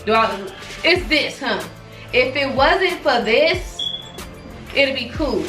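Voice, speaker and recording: A young woman chatting casually, expressive and exclaiming, talking straight to viewers. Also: high voice, slow pace, soft background music, poor audio. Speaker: fashion vlogger. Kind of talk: casual try-on haul chat.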